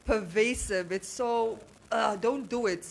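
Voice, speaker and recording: A woman with a Namibian English accent co-hosting a casual radio show, animated and laughing often as she mixes in Afrikaans. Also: fairly high pitch, slow, gravelly.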